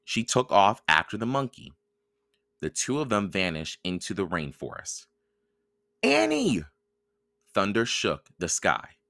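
A man reading a children's chapter book aloud for a podcast, in calm, even storytelling narration. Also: low-pitched, normal speed, no echo. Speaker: podcast reader.

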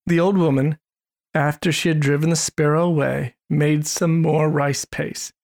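A narrator with a gravelly voice reading a storybook in a measured, expressive way. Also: mid-range voice. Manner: measured, expressive read-aloud.

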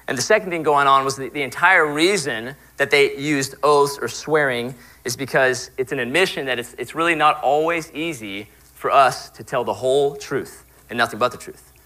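A man's voice: medium pitch, normal speed, bright, forceful tone, rough recording. A man, likely a young adult pastor, giving a conversational sermon and acting out little quoted exchanges. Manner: conversational, acts out quoted voices.

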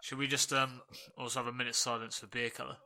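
A man's voice: mid-range voice, level tone, fast talker, pushed and bright. A man co-hosting a podcast, chatting casually with dry, wry quips. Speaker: podcast co-host. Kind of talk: casual chat.

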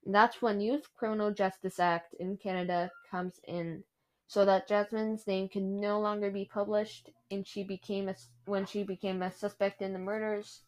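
A woman's voice: mid-range voice, little pitch movement, normal speed. A woman hosting a true crime podcast, telling the case in a chatty way with frequent fillers. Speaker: podcast host.

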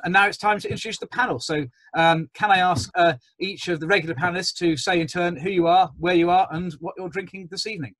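A man's voice: mid-range voice, fairly bright tone, husky, no echo, poor audio. A man in his forties, hosting a webinar panel on a video call in a genial, chatty way with frequent ums. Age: 40s. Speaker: webinar host.

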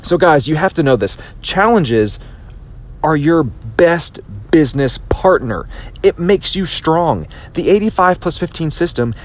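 A man delivers a motivational podcast talk, his fairly high voice swooping widely as he pushes his point. He stumbles into restarts and repeats words, then jumps into acted-out quotes. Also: unhurried, a little hiss or hum. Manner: animated, repetitive restarts, acts out quotes. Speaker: podcast host.

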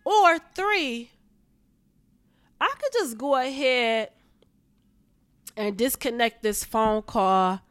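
A woman's voice: on the high side, expressive, drawn-out words, pauses often, a bit bright, dry recording. A woman, venting to her viewers in a heated, profane, repetitive way. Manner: heated, profane, repeats herself. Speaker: vlogger.

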